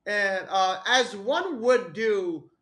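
A young podcast co-host rambles through crude stories in casual chat, stumbling over restarts and laughing at his own jokes. His voice sits high and a bit bright, with lively intonation.

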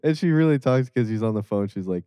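A man's voice: fairly low pitch, animated, fast talker, mellow, smooth, no echo. A man co-hosting a comedy podcast, hesitant and filler-heavy, giggling between remarks. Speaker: podcast co-host. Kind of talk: casual comedic chat.

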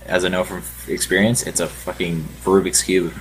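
A man's voice: low-pitched, level tone, a little fast, a little hiss or hum, rough recording. A man chatting crudely and swearing often as a guest on a casual group podcast call. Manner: crude, blunt, swears a lot.

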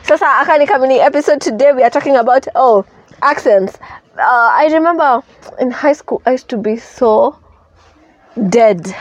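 High-voiced bubbly Kenyan woman host. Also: moderate pace, no room sound, highs cut off. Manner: bubbly, laughs often, teasing. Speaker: podcast host. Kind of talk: casual chat, mixing English and Swahili.

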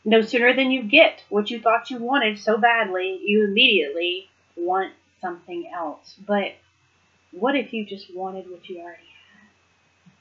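A woman's voice: mid-range voice, a little slow, lo-fi sound. A woman giving a casual, earnest devotional talk. She reads scripture aloud and reflects on it, often laughing lightly between points. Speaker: Bible study speaker.

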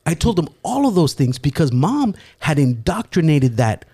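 A man from California telling a story in a casual, profane way, laughing often and slipping into lively impressions. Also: on the high side, normal speed, slightly rough, no room sound, clean studio sound. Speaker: guest storyteller.

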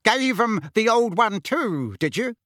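Casting: blustering bully uncle, high and loud, swooping pitch, put on by a male reader. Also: very animated, a little slow, no echo, studio quality, heavily acted. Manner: loud, roaring and indignant. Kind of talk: audiobook character voice.

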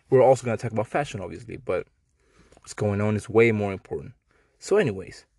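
A man's voice: on the low side, dry recording, clean studio sound. A man with a Mexican accent hosting a podcast, ranting in a sarcastic, profane, slangy way. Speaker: podcast host. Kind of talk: casual podcast rant.

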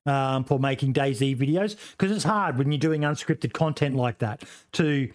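A man's voice: mid-range voice, moderate pace. A man streamer chatting casually about games, rambling and swearing with lots of fillers and restarts. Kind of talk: casual gaming podcast chat.

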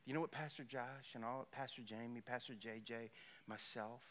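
A man's voice: medium pitch, moderate pace. A middle-aged male pastor preaching a sermon, telling stories animatedly and acting out the people in them. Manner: animated storytelling, acting out voices.

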